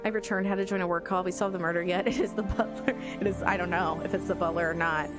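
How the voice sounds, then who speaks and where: A woman's voice: fairly low pitch, steady tone, fast, over music. A young woman streaming a game, chatting with viewers, telling stories and thinking aloud in a giggly way. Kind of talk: casual live-stream chat.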